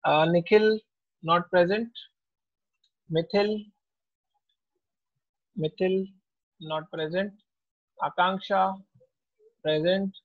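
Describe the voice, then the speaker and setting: A man, a teacher taking attendance in an online class in a slow, unhurried way. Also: high voice, fairly even intonation. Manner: slow, unhurried roll call. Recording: tinny, phone-like audio.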